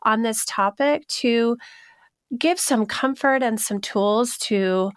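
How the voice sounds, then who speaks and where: A woman's voice: on the high side, slow pace, clear, resonant tone, no echo. A woman hosting a podcast, speaking earnestly and asking rhetorical questions as she introduces a guest and leads the interview. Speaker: podcast host.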